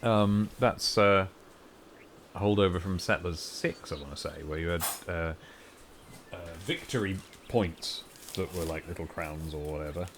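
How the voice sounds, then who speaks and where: A man's voice: low-pitched, a little slow, slight background noise. A man streaming a strategy game, chatting casually and musing aloud in a rambling, self-mocking way.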